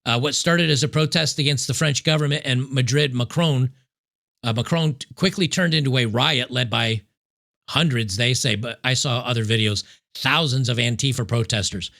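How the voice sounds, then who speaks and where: A male commentator with a gravelly edge and a bright, forceful tone. He talks emphatically and sarcastically. He slows down to hammer home his points. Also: medium pitch. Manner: sarcastic, emphatic, repeats key points slowly. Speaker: political commentary host. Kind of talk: opinionated commentary over news clips.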